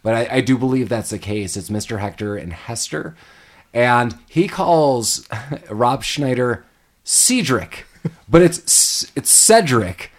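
A man hosting a podcast, retelling movie scenes in a casual, animated way and dropping into quick character voices. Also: medium pitch. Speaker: podcast host.

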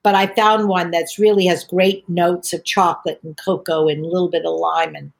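An older woman talks as a podcast guest about her tea business, wandering from story to story in a chatty, rambling way. Her voice sits a little low for a woman. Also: little pitch movement, normal speed, vocal fry. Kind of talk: podcast conversation.

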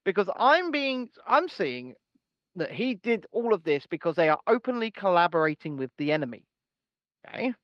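Excitable high-voiced man co-hosting. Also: normal speed, no room sound, dull audio. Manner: swearing, jokey, excitable. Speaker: podcast co-host. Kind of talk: casual banter. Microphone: home podcast mic with noise gate.

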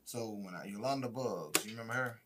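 A man's voice: fairly low pitch, lively intonation, fairly quick. A talkative male comedian recalling his early stand-up days in a casual chat. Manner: talkative, loose storytelling. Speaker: comedian, podcast co-host. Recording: loud background noise.

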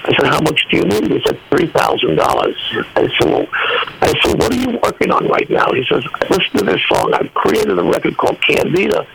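An older man, a guest singer on a radio interview, telling stories in an animated way and acting out the dialogue. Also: fairly high pitch, fairly quick, creaky, background noise.

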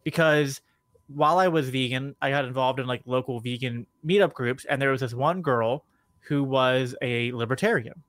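A man guesting on a podcast who rambles in relaxed chat and leans on filler words. His voice sits at a medium pitch. The recording is dry and close. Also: normal speed, dry recording. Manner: rambling, heavy use of filler "like". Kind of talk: casual chat.

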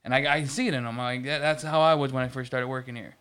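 A man's voice: mid-range voice, fairly even intonation, rapid-fire, fairly bright tone, clear, resonant tone. A man in casual chat, telling a long story about work with lots of restarts and swearing. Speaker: podcast co-host.

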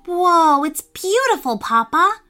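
A woman voicing a young boy fox in a storybook, eager and easily frightened, with high squealing exclamations. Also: very animated, normal speed, pushed and bright, faint music behind, heavily acted. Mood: thrilled.

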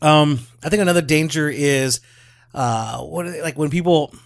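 A man's voice: on the high side, moderate pace, creaky, no room sound. A man co-hosting a casual theology podcast, joking and agreeable. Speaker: podcast co-host.

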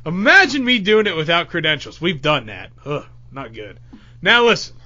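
A man hosting a podcast in casual banter, loud and teasing. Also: on the high side, very animated, moderate pace. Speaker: podcast host. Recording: dull lo-fi podcast audio.

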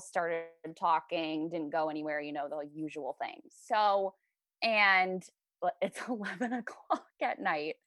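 A woman's voice: medium pitch, fairly bright tone, no echo, studio quality. A young woman in her twenties, a podcast guest, telling a story in casual chat, laughing often and acting out the lines she quotes.

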